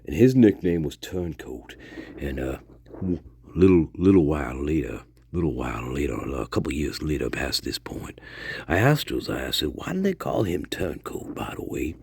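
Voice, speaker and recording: A man playing a rambling, profane old Delta storyteller with a husky, gravelly voice, drifting off into digressions. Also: a bass voice, very animated, moderate pace, heavily acted. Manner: rambling, profane, digressive, jumps between hushed mutters and loud outbursts. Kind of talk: improvised comedic monologue.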